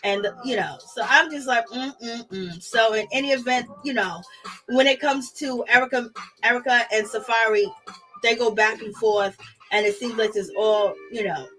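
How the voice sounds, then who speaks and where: Sassy, bright-voiced woman gossiping. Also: on the high side, normal speed, faint music behind, low-quality recording. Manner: chatty, sassy, laughs often, quotes people in mock voices. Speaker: reality TV recap host. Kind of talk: casual gossip commentary.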